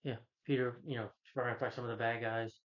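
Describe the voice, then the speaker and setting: A man talks through a film's plot in a loose, rambling way, often stopping to correct names. His voice sits at an ordinary middle pitch. The recording is dull and slightly lo-fi. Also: level tone, fast. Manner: rambling, self-correcting, retells scenes with "he's like" quotes. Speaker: film reviewer. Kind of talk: casual spoken film recap.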